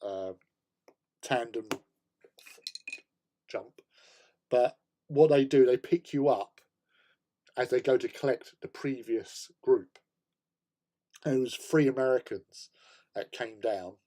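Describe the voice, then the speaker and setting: A man's voice: medium pitch, slow, pauses often, dark tone. Rambling English man telling stories. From England. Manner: rambling, with many fillers and laughs. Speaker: host. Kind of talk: casual storytelling during a hobby stream.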